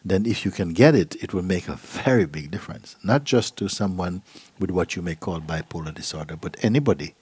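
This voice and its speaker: A middle-aged man, a spiritual teacher, giving a gentle, unhurried talk and acting out voices in his stories. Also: low voice, husky, no room sound. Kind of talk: satsang talk, storytelling. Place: gathering hall.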